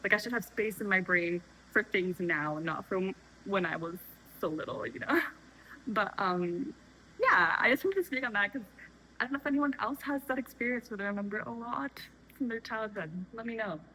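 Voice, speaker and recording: A young female vlogger rambles through an unscripted, chatty talk as she makes tea at home, full of fillers and self-corrections. Her medium-pitched voice has a sharp tone and lively intonation at a moderate pace, on a low-quality recording with slight hiss or hum.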